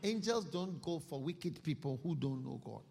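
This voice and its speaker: A man preaching a sermon, telling a story in an animated way at a church service. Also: fairly high pitch, moderate pace, gravelly, husky. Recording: echoey hall.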